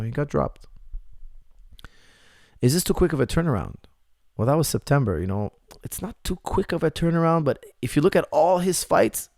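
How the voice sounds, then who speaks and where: A man's voice: mid-range voice, darkish tone, no echo, clean studio sound. A man, an MMA coach, answering viewer questions in a casual live chat, repeating points for emphasis.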